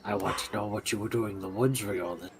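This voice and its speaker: Man playing a creepy sneaky creature, slow menacing threats, deep voice, faint background hiss. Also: steady tone, vocal fry. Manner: slow, low and menacing, speaks of himself in third person.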